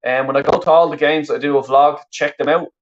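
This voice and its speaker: A man's voice: a little high, steady tone, fast talker, highs cut off. A man with a Dublin Irish accent, originally from the west of Ireland, chatting casually and swearing freely while commentating live on a football match and reading out viewers' comments. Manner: chatty, rambling, frequent swearing and restarts. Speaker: football watch-along streamer. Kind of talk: live watch-along commentary.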